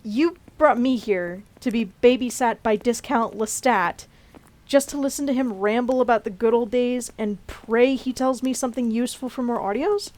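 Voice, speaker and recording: High sarcastic young woman, voiced by an actress. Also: a little mellow, natural voice. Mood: exasperated. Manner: sarcastic, quick mock-cheerful brush-offs. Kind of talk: audio role-play drama.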